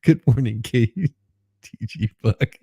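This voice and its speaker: A man with a gravelly, husky voice hosts a casual morning livestream. He talks slowly, greets chat viewers by name, and laughs often as he goes. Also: medium pitch, warm tone, dry recording. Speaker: livestream host.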